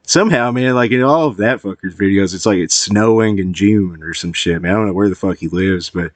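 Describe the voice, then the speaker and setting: A man giving casual, meandering commentary to his viewers, swearing often and filling pauses with "uh" and "like.". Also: low-pitched, no room sound. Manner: profane, meandering, heavy with fillers. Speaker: YouTube commentator.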